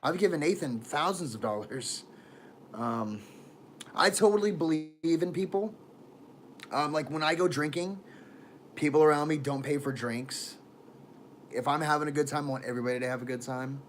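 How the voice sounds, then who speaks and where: A man's voice: on the high side, moderate pace, long pauses, a little hiss or hum. A man rambling through casual livestream chat on a phone camera, laughing often and trailing off mid-thought.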